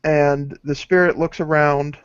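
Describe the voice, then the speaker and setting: Game master: man, raised pitch, casual delivery, dull dry lo-fi recording. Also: steady tone, unhurried, clear, resonant tone. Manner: casual, with fillers. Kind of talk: narrating a tabletop game.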